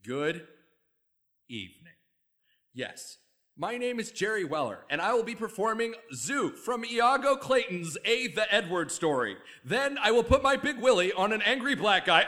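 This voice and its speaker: A sketch comedian doing a comic audition monologue, nervous and flustered, swinging between mumbling and shouting. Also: male voice, high voice, big pitch swings, measured pace.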